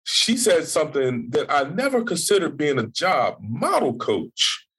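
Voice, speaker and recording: A man co-hosting a podcast, asking relaxed, thoughtful questions in casual chat. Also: on the high side, unhurried, slightly rough. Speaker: podcast co-host.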